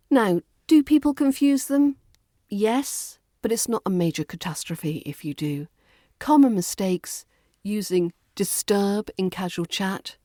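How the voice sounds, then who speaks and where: A British woman hosting a pronunciation lesson podcast, speaking clearly and slowing down to model words. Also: medium pitch, animated, warm tone, dry recording, clean studio sound. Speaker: podcast host and pronunciation teacher.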